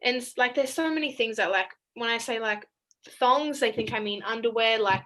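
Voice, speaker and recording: A woman's voice: a little high, normal speed, a bit bright, poor audio. A young Australian woman, a college basketball player, chatting in a video call interview and laughing often between sentences. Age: young adult.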